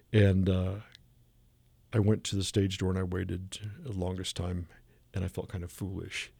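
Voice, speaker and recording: A man telling a lively anecdote as a radio guest, acting out the people he quotes. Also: low voice, normal speed, vocal fry, no echo. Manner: animated anecdote teller who acts out the people he quotes. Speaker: guest artist and illustrator. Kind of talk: radio interview storytelling. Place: radio studio.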